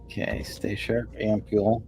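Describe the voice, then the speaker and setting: A man playing a tabletop game on a stream, unhurried and hesitant, with many fillers. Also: lowish voice, completely flat delivery, darkish tone, soft background music. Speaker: player.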